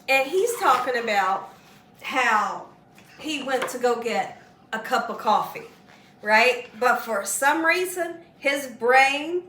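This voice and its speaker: A woman hosting a casual cooking demonstration in her home kitchen, chatty and excitable. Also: high-pitched, reverberant. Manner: chatty and excitable, laughs while telling stories. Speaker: cooking channel host.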